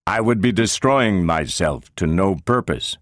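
A man reading the part of a calm, obedient male robot who answers in short, deferential replies. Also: low voice, unhurried, dry recording, clean studio sound.

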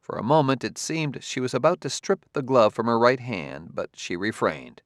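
A man narrates an audiobook with a measured, expressive reading. His voice is mid-range, recorded in clean studio sound with no room sound.

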